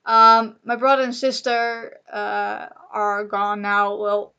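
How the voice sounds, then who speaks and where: A young woman vlogger rambling to the camera in an emotional personal monologue, halting, with nervous laughter, upset. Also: mid-range voice, completely flat delivery, pushed and bright, clean tone, dull audio.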